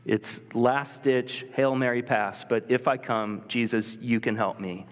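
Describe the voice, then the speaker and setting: A male pastor preaching a sermon in a conversational, animated way, sometimes acting out the voices of people in the text. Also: mid-range voice, a little slow, long reverb tail. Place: church sanctuary.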